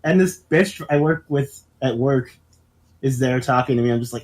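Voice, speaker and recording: A man's voice: medium pitch, moderate pace, slight background noise. A man in casual podcast chat, animatedly telling a story, laughing often and swearing a lot. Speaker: podcast co-host.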